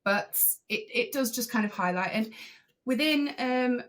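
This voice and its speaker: A woman driving instructor talking as a guest on a podcast, earnest and enthusiastic, with many pauses and ums. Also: fairly high pitch, fairly bright tone. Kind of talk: casual podcast conversation.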